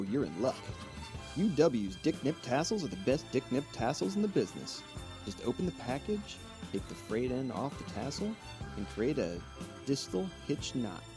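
Give me a man doing a parody ad read, animated pitchman style, with music under him. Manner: pitchman delivery, breaking into laughter. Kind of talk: mock advert read. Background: music bed.

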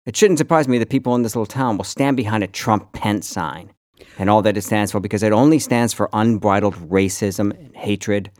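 A man co-hosting a podcast in casual chat, animated and rambling, swearing freely and restarting his sentences. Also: lowish voice, brisk, no echo, clean studio sound. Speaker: podcast co-host.

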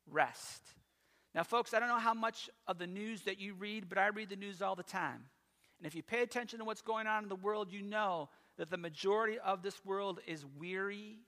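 A high, bright-toned man preaching in a church, his voice trailing off into a long hall reverb. He tells stories animatedly, tossing in quick asides. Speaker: pastor. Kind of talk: sermon. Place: church sanctuary.

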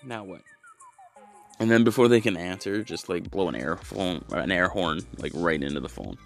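A man's voice: deep voice, animated, brisk, vocal fry, faint music behind. A male comedian telling a stand-up bit in a casual, conspiratorial way, acting out scenes as he goes.

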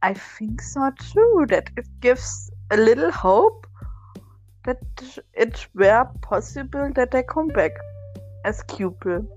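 A woman chatting casually about a TV series, emotional and halting, with many fillers. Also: on the high side, big pitch swings, darkish tone, dull audio, soft background music.

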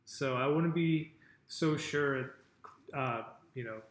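A man's voice: mid-range voice, takes it slowly, echoey room. A man co-hosting a podcast in casual chat, wry and a little sarcastic. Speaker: podcast co-host.

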